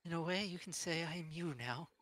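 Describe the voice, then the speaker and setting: Man voicing a gentle fey spirit woman, Elshvan. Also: on the high side, a little fast, slight background noise, voice pushed up, lightly acted. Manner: soft, tender, sometimes whispered.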